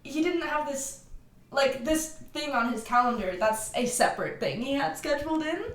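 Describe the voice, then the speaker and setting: A woman's voice: sits high, expressive, moderate pace. A woman co-hosting a casual fan podcast, thinking aloud as she talks through ideas. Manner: musing, thinks aloud with fillers. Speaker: podcast co-host. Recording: echoey room.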